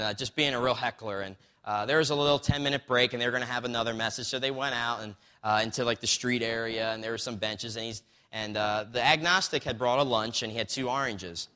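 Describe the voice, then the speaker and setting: Bright-voiced preacher in a reverberant hall. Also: male voice, mid-range voice, fairly even intonation, a little fast, clear, resonant tone. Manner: conversational, storytelling with acted quotes, frequent "right?" asides. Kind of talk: sermon.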